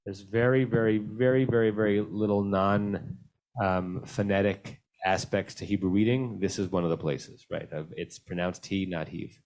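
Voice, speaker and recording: A man's voice: lowish voice, steady tone, normal speed, a little mellow. A male rabbi leading a conversational text study class, calling on participants by name and answering their questions thoughtfully. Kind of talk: conversational Bible study discussion. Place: synagogue class held over video call.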